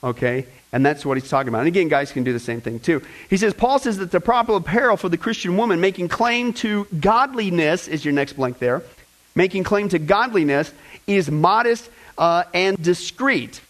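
A male pastor preaching a lively sermon, joking and talking straight to his congregation. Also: high voice, normal speed, poor audio. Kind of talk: sermon with fill-in-the-blank notes.

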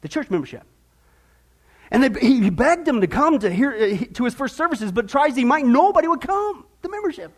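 A man preaching a sermon fervently, dropping low for emphasis and rising into excited runs. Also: fairly quick. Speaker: pastor.

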